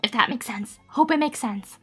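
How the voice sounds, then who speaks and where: A native Japanese speaker from Japan chats casually on a live stream, reading viewer messages aloud in a giggly, cutesy way with a Japanese accent. Her voice is a little high, fairly bright and slightly rough, at a normal speed, with soft background music.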